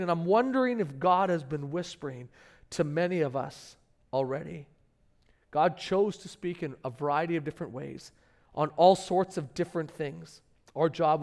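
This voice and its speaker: A middle-aged man preaches to his congregation in a fairly high voice. He tells stories conversationally, with his pitch and volume jumping up when he gets animated. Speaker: pastor. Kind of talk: sermon.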